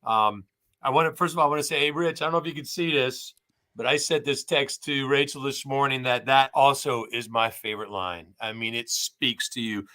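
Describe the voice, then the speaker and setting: A man in his sixties speaking as a guest on a live show, halting and repeating words as he gives a heartfelt, teary tribute. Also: mid-range voice, sharp tone. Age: 60s. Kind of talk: emotional casual tribute.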